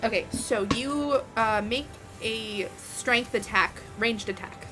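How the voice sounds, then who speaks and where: A woman running a tabletop game as game master, narrating the action in an animated way with frequent fillers. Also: on the high side, takes it slowly, over music.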